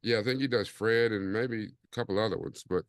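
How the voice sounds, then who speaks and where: A man's voice: on the low side, a little fast, smooth, no room sound, studio quality. A man hosting a casual podcast chat in a laid-back, rambling way, with plenty of fillers. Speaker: podcast host.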